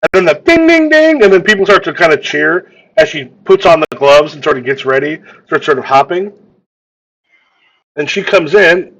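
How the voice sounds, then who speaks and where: Halting, higher-voiced male game master. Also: a bit bright, poor audio. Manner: halting, repeats words while describing. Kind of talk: narrating a tabletop game.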